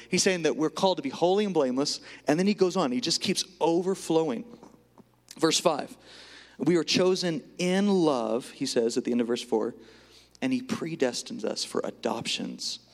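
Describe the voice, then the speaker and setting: Man preaching in a reverberant hall. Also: medium pitch. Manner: earnest, swings from rising emphasis to hushed whispers. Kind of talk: sermon.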